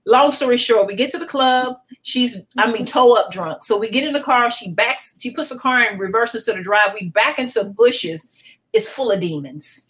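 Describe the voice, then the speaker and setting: A woman's voice: on the high side, fairly quick, rough recording. Woman pastor telling an emotional testimony. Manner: animated, emotional storytelling with restarts. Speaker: pastor and guest. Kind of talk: personal testimony in a podcast interview.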